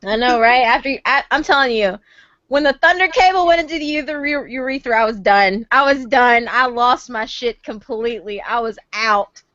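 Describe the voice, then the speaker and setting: A woman's voice: fairly high pitch, normal speed, fairly bright tone, dry recording. A woman hosting a voice-chat story night, talking casually, laughing helplessly and swearing freely. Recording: dull, lo-fi stream audio.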